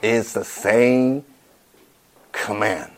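Slow-speaking male pastor preaching. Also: fairly low pitch, steady tone. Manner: slow, halting delivery with repeated words and non-native grammar. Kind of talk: sermon.

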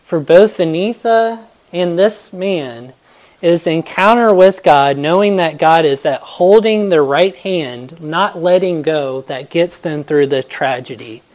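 A woman's voice: lowish voice, slow pace, a little mellow. A woman giving a devotional Bible talk, telling stories in an earnest, reflective way.

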